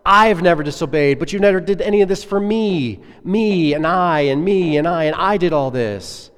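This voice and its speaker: A man's voice: sits high, huge pitch swings, takes it slowly, a little mellow, pitched above the performer's own voice, full character voice. A man voicing a resentful, jealous young older brother who complains indignantly. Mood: self-righteous. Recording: echoey hall with long reverb.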